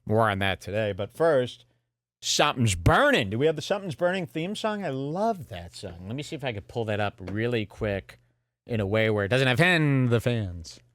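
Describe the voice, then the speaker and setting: A man hosting a podcast, giving sarcastic, deadpan commentary on film clips into a studio mic. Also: medium pitch, moderate pace, no echo. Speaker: podcast host. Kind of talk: casual commentary. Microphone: headphones and studio mic.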